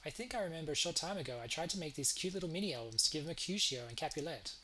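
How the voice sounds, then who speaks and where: A man's voice: a little high, lively intonation, rapid-fire, pushed and bright, slight background noise, low-quality recording. A man reading the lines of an affectionate elderly cat in a game, calling his partner darling. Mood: fond. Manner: fond, reads dialogue aloud. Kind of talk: reading game dialogue aloud.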